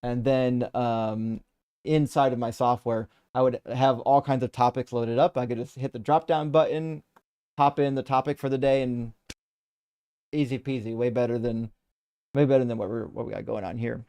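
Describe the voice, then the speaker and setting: A man's voice: mid-range voice, fairly even intonation, normal speed, mellow, smooth. A man hosting a live debate stream, chatting casually and reading out viewer comments, rambling with lots of restarts and casual swearing.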